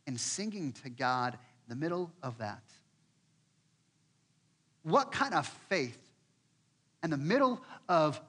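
A pastor preaches in a large hall with a slightly high voice that has a breathy edge. Acting out the inner voices of people in a scripture story, he delivers the sermon expressively and repeats words as he builds.

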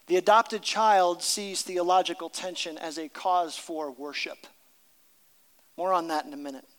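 Middle-aged male pastor, high bright voice, emphatic sermon delivery, long church reverb. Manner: emphatic, reads story aloud with character voices.

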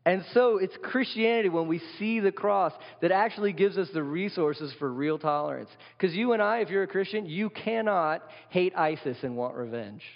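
In a church sanctuary, a male pastor gives a conversational sermon, frequently questioning the congregation, in a gravelly, somewhat high, expressive voice. He keeps a moderate pace with few pauses. Long hall reverb and dull lo-fi quality mark the recording.

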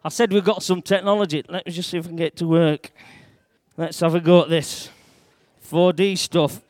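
A man telling a Bible story in the first person to a church audience, in broad dialect and shouting at the dramatic moments. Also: fairly high pitch, fairly even intonation, moderate pace, no echo, clean studio sound.

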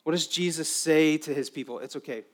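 Impassioned preacher, man with a higher voice. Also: a little fast. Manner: impassioned, shifting between emphatic raised delivery and quiet intimate stretches. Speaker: pastor. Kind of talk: sermon.

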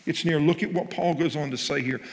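A man's voice: fairly high pitch, a little fast. A man preaching a sermon, telling a story and then pressing its point with rising emphasis. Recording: long hall reverb.

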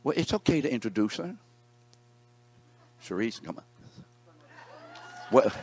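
A man's voice: fairly low pitch, huge pitch swings, measured pace, long pauses, a little mellow, breathy edge, dry recording. A man teaching a Bible class, reading scripture aloud and putting questions to his students in a conversational way.

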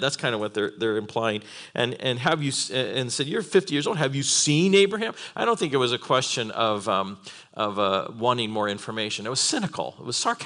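A man preaching a sermon in a church, animated, with laughing asides and acted-out quotes. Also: mid-range voice, a little fast.

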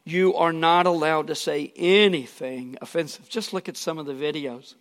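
A man preaching a sermon, his voice a little higher than most and edged with gravel. He is earnest and emphatic, leaning into key lines and breaking off for casual asides. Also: normal speed. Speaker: pastor.

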